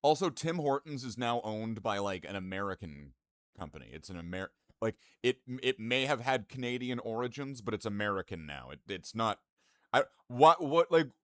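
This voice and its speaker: A man's voice: medium pitch, fairly bright tone, no echo, clean studio sound. A man streaming live and chatting casually with his viewers in profane, rambling, mock-indignant banter.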